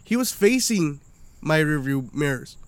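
A man's voice: on the high side, animated, measured pace, no echo. A young man, a podcast guest, telling profane rambling stories in casual chat and laughing often.

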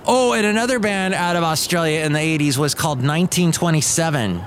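A man's voice: a little high, a little fast, a little hiss or hum. A man hosting a podcast in a casual, rambling monologue who digresses, trails off and corrects himself. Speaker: podcast host.

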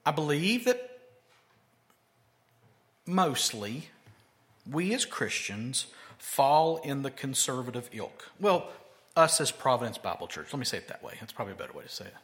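A man's voice: medium pitch, big pitch swings, moderate pace, long pauses, a bit bright. A male pastor preaching a sermon conversationally, with emphatic rhetorical questions.

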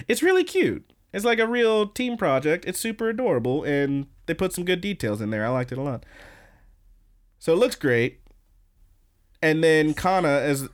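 A man hosting a podcast, casually recapping an anime episode in a rambling, profane way with lots of fillers and restarts. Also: medium pitch. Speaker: podcast host.

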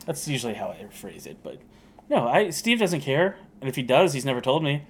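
A man in his thirties co-hosts a casual podcast. He rambles and jokes, often at his own expense, with restarts and asides. His voice sits at a middle pitch. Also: sing-song, fairly quick, breathy edge. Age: 30s. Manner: joking, rambling, self-deprecating. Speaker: podcast co-host. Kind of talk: casual chat.

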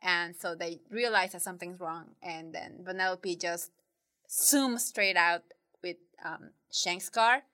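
Bright-voiced woman recapping a movie. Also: on the low side, unhurried, clear, resonant tone. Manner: rambling, giggly retelling with quoted character voices. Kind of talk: casual chat, retelling a movie plot.

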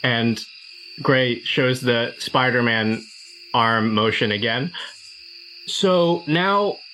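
Brief: man at a tabletop game, sheepish and chuckling, mid-pitched voice. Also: extremely slow, sharp tone, a little hiss or hum, rough recording. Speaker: player. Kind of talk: casual play at a tabletop game.

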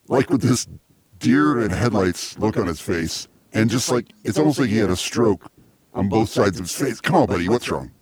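A man's voice: lowish voice, breathy edge. A man hosting a casual comedy podcast, chatty and rambling. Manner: chatty, laughs easily, rambling. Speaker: podcast host.

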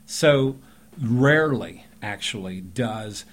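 Low-voiced acting teacher, chatty. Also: male voice, lively intonation, takes it slowly. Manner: chatty and rambling, with emphatic bursts. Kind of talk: relaxed podcast conversation.

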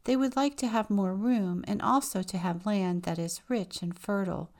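A woman's voice: medium pitch, normal speed, darkish tone, lightly acted. A woman voicing a shy, kind and humble peasant girl.

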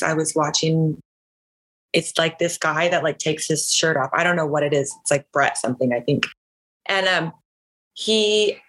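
Over poor audio, a podcast guest from Northern California recounts something from her own life, casual and talkative. She sounds low and fairly bright, peppering her speech with "like" and laughing often.

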